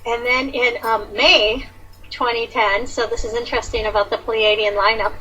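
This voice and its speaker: A woman in casual conversation, telling a personal story in a chatty, animated way with many fillers. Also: fairly high pitch, moderate pace, dull audio, a little hiss or hum. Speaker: guest sharing awakening story.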